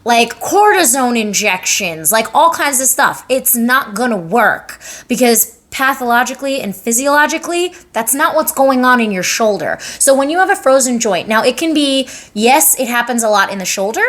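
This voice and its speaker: A woman's voice: fairly high pitch, animated, normal speed, fairly bright tone. A young adult woman giving a casual, chatty lesson as a massage therapist, demonstrating and talking with lots of fillers. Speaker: lymphatic drainage massage therapist. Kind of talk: casual educational explainer.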